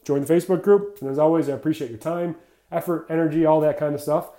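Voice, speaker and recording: Blunt, energetic man in an echoey room. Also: on the high side, fast. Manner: energetic, blunt, rambling, says "like" often. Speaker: podcast host for clinicians. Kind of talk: casual podcast monologue.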